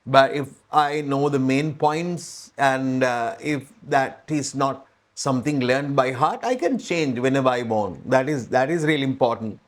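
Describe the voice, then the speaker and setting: A man's voice: mid-range voice, unhurried, few pauses. Patient Sri Lankan man teaching English. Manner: patient, repeats phrases and checks understanding. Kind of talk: spoken English lesson.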